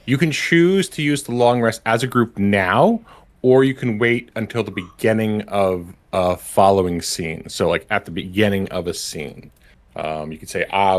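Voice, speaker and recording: A man narrating as game master of a tabletop game stream. He explains rules and scenes with frequent ums. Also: fairly low pitch.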